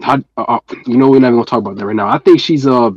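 A man's voice: medium pitch, racing, husky, no echo. A man calling into a live stream, talking casually and rambling with many fillers and restarts. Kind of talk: casual comedic call-in. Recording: muffled dry call audio.

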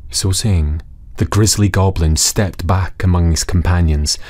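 A man reading a fairy tale aloud for children in a slow, measured, dramatic way. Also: deep voice, steady tone, a little mellow. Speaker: storyteller.

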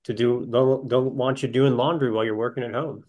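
A man's voice: mid-range voice, steady tone, brisk, a little mellow. A man playing as a contestant on a podcast game, joking and laid-back. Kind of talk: casual podcast banter.

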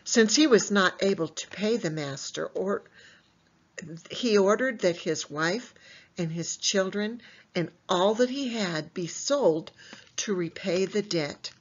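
A woman teaches young children a Bible lesson with animated energy, posing questions and then answering them herself. Her mid-range voice moves slowly, and the sound is lo-fi.

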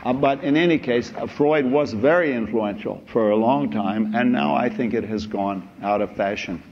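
A man's voice: mid-range voice, moderate pace, creaky. Older man lecturing, wry and rambling. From United States. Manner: wry, rambling, chuckling asides. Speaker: philosophy professor. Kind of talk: anecdotal university lecture. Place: lecture hall. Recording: dull lo-fi lecture recording with faint hiss.

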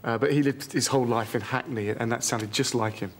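A man's voice: mid-range voice, brisk, a little hiss or hum. A man in the audience asking questions, speaking hesitantly with stammers and fillers. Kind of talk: comedy sketch Q&A.

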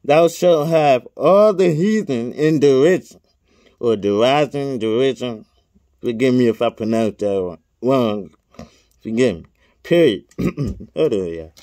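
A man's voice: mid-range voice, animated, takes it slowly, mellow, no room sound, studio quality. A man reading scripture aloud verse by verse, speaking every punctuation mark and adding casual asides. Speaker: scripture reader.

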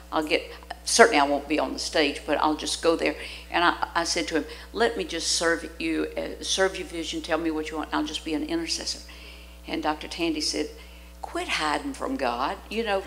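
Lively older woman preaching a story-filled sermon. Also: lowish voice, gravelly, slight background noise, low-quality recording. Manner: animated storyteller, acts out quoted voices, laughs often. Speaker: guest preacher. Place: church sanctuary.

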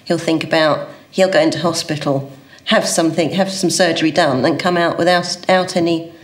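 A mother talking in an interview, soft and halting. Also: low voice, fairly even intonation. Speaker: parent.

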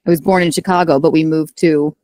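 Crisply enunciating young woman, low voice. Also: fairly even intonation, fast talker, dark tone, dry recording. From South Carolina, USA. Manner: enunciates carefully, chatty with fillers. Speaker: streamer, guest. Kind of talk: casual chat.

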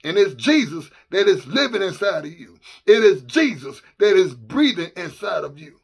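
Guy preaching hard, husky gravelly voice, keeps repeating himself and shouting. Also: sits high, sing-song, normal speed. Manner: emphatic, repetitive preaching with rising shouts. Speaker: minister. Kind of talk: fervent sermon.

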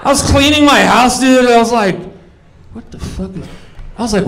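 A man's voice: very high voice, expressive, brisk, fairly bright tone, a little hiss or hum. A young man doing a crude, rambling stand-up set on a comedy club stage, talking to the crowd.

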